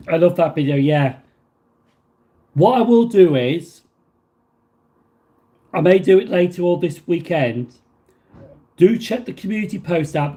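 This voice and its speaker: A livestream host, a man whose voice sits on the high side with a warm tone, reads viewer messages out loud in a casual stream. He answers in a meandering style, with lots of fillers and restarted sentences.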